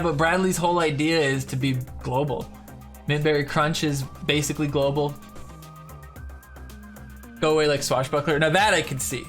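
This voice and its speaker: A man whose voice is going hoarse, hosting a mobile game update stream in a loose, profane, joking way. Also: on the high side, a bit bright. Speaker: mobile game YouTuber and host. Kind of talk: casual streaming commentary, reading viewer comments.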